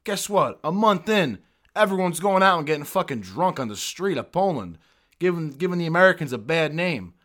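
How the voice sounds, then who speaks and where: Profane, animated army veteran man. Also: fairly high pitch, normal speed. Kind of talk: casual podcast chat.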